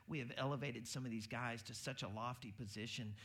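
A pastor, an adult man with a baby due, preaches a sermon in a brisk, mid-range voice. He tells everyday stories with animation, acting out the voices of the people he quotes.

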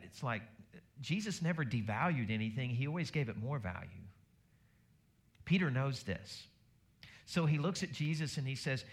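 A middle-aged male pastor preaching a sermon in a conversational way, rising in pitch and volume to make his points. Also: animated, moderate pace.

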